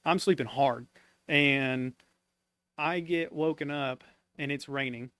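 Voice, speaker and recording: A man telling an army story as a podcast guest, casual and animated, laughing as he goes. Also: mid-range voice, slow pace, clean tone, no echo. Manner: animated, laughs often while telling stories.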